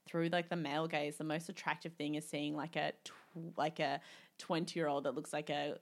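A young woman co-hosting a podcast, talking casually and emphatically, swearing and agreeing quickly. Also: sits low, little pitch movement. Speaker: podcast co-host. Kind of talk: casual chat.

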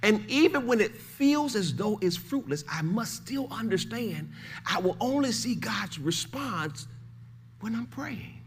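Older male pastor, lively sermon delivery, rising to shouts and dropping to hushed tones, fairly high voice. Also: a little slow, slight background noise. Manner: swings from shouted pleading to hushed, low emphasis.

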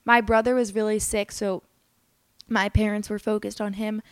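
A woman's voice: medium pitch, level tone, moderate pace, clean tone, dry recording. A young adult woman hosting a podcast, telling a personal story in an earnest, candid, emotional way, with many "like" fillers. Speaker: podcast host.

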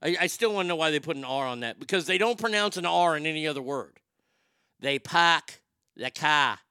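Gravelly high-voiced man riffing sarcastically. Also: animated, quick pace, pushed and bright, dry recording, studio quality. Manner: sarcastic, rambling, swears freely. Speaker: show host. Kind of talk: profane comedic news commentary.

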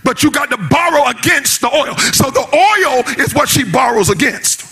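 A pastor preaching a sermon in a rising sing-song cadence, shouting at the peaks and talking in casual vernacular. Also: male voice, extremely high pitch, animated, moderate pace, soft background music. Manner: uses casual vernacular speech.

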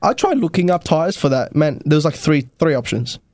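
A man's voice: on the high side, big pitch swings, fairly quick, a little mellow, dry recording, clean studio sound. A young man co-hosting a podcast, chatting crudely about motorbikes, rambling and repeating himself. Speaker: podcast co-host.

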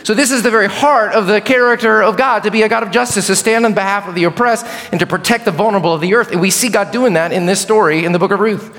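Man, preacher, sermon, slightly high voice, emphatic, questions to the congregation, long church reverb. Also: quick pace, few pauses. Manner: emphatic, swinging from loud declarations to low hushed asides; asks the congregation direct questions. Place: church sanctuary. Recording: long reverb of a large hall.

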